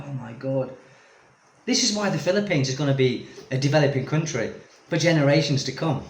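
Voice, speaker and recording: A man vlogging as an expat, ranting casually to camera in a rambling, exasperated way full of tag questions. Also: a little high. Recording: echoey room.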